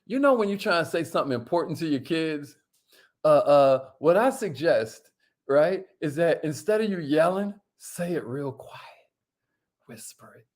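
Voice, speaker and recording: A man hosting a casual livestream, lively and slangy, calling out to viewers and sometimes dropping his voice low to make a point. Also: normal speed. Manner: lively, hypes up viewers and reads their comments; drops to a near whisper to make a point. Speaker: host.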